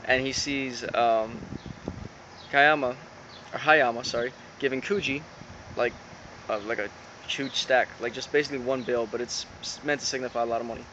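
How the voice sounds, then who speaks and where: A man's voice: medium pitch, fairly even intonation, moderate pace, bright, forceful tone. Rambling man recapping an episode. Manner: rambling, with many fillers and retold quotes. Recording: dull lo-fi sound with background noise.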